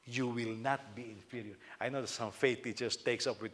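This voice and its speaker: A male senior pastor preaching a sermon, telling stories with sudden loud bursts of emphasis. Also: medium pitch, brisk, hardly any pauses.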